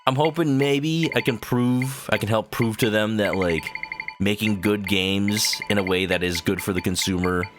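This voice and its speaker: A young man streaming a game, chatting casually in a goofy, rambling way with sudden high silly yells. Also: moderate pace. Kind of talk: casual gameplay commentary. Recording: game music under the voice.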